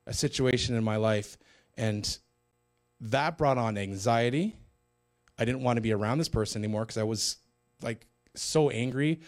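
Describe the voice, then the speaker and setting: Man, Christian TV co-host, conversational sermon, earnest, mid pitch. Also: a little mellow. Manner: earnest and conversational, with many restarts. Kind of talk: sermon-style teaching.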